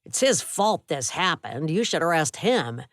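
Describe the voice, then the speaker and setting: A woman voicing an angry, wounded male intruder in an audiobook, sharp and accusing. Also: low-pitched, very animated, unhurried, no room sound. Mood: spiteful.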